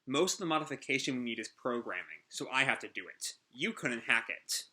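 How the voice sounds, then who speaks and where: A man voicing a calm, capable female hacker android in a brisk, matter-of-fact way. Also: mid-range voice.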